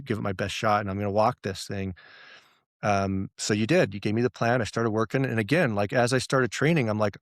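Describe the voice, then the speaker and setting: A man's voice: lowish voice, no room sound, studio quality. A man talking as a podcast guest, telling stories and quoting his own thoughts, laughing often. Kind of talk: casual interview chat.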